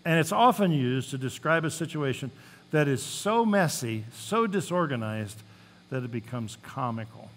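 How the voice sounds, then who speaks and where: A man's voice: mid-range voice, animated, normal speed, a little hiss or hum. A male pastor giving a sermon, reading scripture aloud with rising emphasis and telling folksy stories between the passages. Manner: reads scripture with rising emphasis, then talks plainly; folksy storytelling asides.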